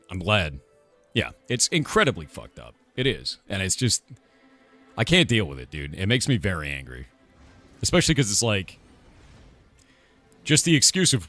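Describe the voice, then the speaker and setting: Lively low-voiced angry male streamer. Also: normal speed, long pauses, faint music behind. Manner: angry, profane, emphatic. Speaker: streamer and game developer. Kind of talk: casual live-stream rant.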